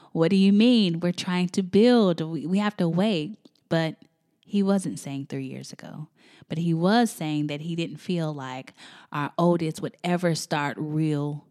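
A woman's voice: deep voice, a little mellow. A woman in her thirties hosting a faith and family podcast, talking in an effusive, emotional, chatty way. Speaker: podcast host.

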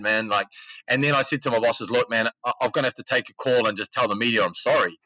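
A man's voice: mid-range voice, quick pace, no echo, rough recording. A man telling a story in casual, slangy talk as a podcast guest, acting out the quotes. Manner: animated, slangy, acts out quotes. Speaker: podcast guest, esports CEO.

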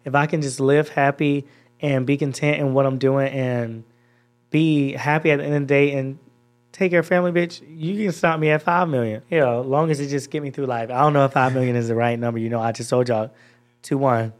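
A man's voice: medium pitch, steady tone, brisk. A young man from Georgia, a podcast guest, chatting in an easygoing, candid way and swearing casually. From Georgia, USA. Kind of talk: casual interview chat.

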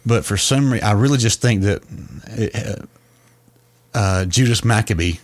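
A man's voice: fairly low pitch, normal speed. A man co-hosting a podcast, explaining a long story in a casual way, with frequent restarts. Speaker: podcast co-host.

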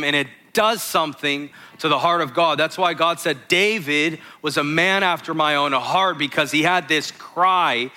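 A man's voice: on the high side, normal speed, hardly any pauses, bright, forceful tone. A man preaching a sermon, reading scripture verses aloud and stopping to explain them to his listeners.

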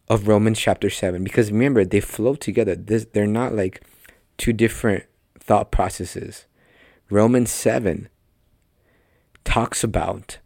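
A man with a lowish voice preaches in a casual, conversational way, leaning hard on his key points and speaking straight to his listeners. The sound is close and dry, with no room around it. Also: a little mellow, dry recording. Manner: emphatic, talks directly to listeners. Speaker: podcast preacher. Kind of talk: conversational sermon teaching.

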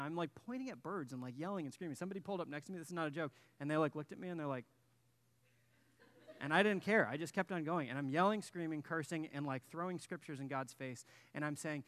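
Expressive and quick, with a slightly high, slightly bright voice, a man in his thirties preaches as a guest pastor in a church sanctuary. He shares a personal story with self-deprecating, conversational humor, joking with the congregation in the pews.

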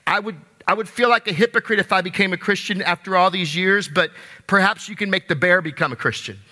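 A man's voice: high-pitched, fast, bright, forceful tone. A man voicing a frightened atheist hiker who hesitantly pleads, told as a joke in a live sermon in a reverberant church hall. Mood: pleading.

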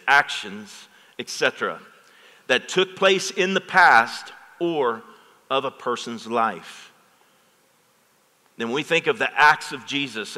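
A man's voice: mid-range voice, pushed and bright. A middle-aged man preaching a sermon as pastor, talking with the congregation and asking for amens. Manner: preaches with call-and-response asides to the congregation. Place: church sanctuary. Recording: long hall reverb.

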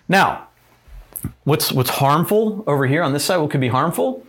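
A man's voice: fairly high pitch, animated, normal speed, fairly bright tone, husky. A man giving an informal lesson while writing on a board, talking in a casual, rambling way with many fillers and tag questions. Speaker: teacher. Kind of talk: informal talk on growth and pain, writing on a board.

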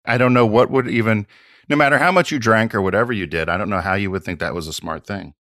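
A man's voice: fairly low pitch, fast, fairly bright tone, dry recording, studio quality. A man hosting a casual chat show, reacting to his co-host and reading out news stories. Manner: reacts with exclamations, then reads out news stories. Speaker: podcast host.

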